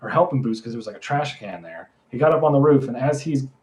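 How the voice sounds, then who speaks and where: A man's voice: medium pitch, expressive, fast, darkish tone. Brief: young guy, mid-range voice, loose rambling storyteller on a chat podcast. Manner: rambling, full of "like" and self-corrections. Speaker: podcast co-host. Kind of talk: casual storytelling.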